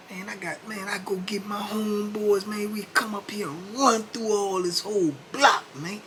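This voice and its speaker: A man's voice: steady tone, a little slow, bright, forceful tone, slight background noise. A man voicing a proud, touchy male prison cellmate who can't read, whining and grumbling defensively in a raised, strained voice. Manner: defensive, grumbling, high-pitched whine.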